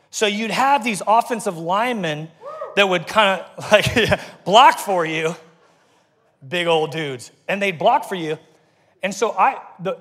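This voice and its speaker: A middle-aged man preaching a lively, conversational sermon to a congregation, breaking off and restarting his sentences. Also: sits high. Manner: energetic, conversational, self-interrupting. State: getting out of breath. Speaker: pastor. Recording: reverberant church hall.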